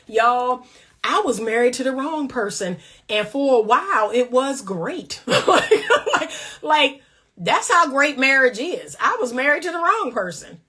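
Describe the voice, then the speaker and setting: A woman relationship coach talks straight to her audience with preachy emphasis. Her voice sits a bit high, and she hammers her points bluntly in a casual, faith-driven tone. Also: expressive, slow pace, bright, forceful tone, slightly rough. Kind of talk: casual faith-based commentary.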